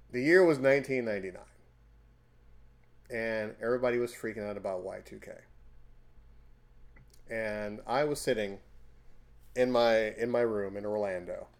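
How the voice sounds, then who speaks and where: A man in his forties hosting a casual podcast chat, telling stories with loud, emphatic bursts. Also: on the low side. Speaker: podcast host.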